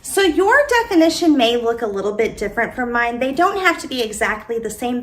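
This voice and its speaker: Woman teacher, bright higher voice, slow and deliberate, spells things out. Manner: slow, deliberate, dictating sentences word by word. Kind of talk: recorded classroom lesson.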